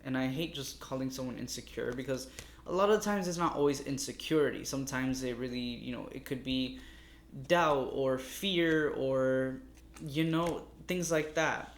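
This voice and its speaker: Speaking fairly quickly at a medium pitch, a man gives a chatty, wandering tarot reading straight to his viewers, calling them "loves" and sounding slightly exasperated. His recording has room echo and some faint noise.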